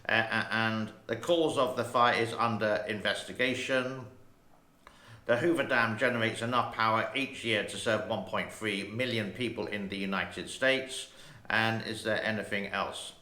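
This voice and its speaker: A man's voice: fairly low pitch, bright, forceful tone. A man in his sixties hosting his own channel, rambling casually and reading headlines aloud. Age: 60s. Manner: slow, rambling, chatty. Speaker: channel host. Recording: roomy echo.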